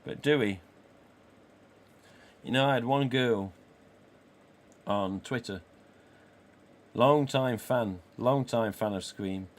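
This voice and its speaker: A man's voice: medium pitch, slow pace, long pauses. A man in his forties with an English accent, hosting a casual live stream and chatting, swearing freely, and acting out the dialogue he quotes. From England. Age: 40s.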